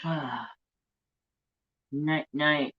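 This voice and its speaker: A man's voice: a little high, fairly even intonation, very slow, breathy edge, lo-fi sound. An American man chatting casually and playfully about his pets and talking to them, as a craft channel host.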